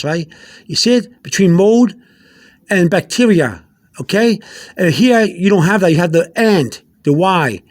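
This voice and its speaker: A man giving an informal language lesson, halting and repeating himself, spelling out letters and explaining slowly with many fillers. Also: high-pitched. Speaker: language teacher.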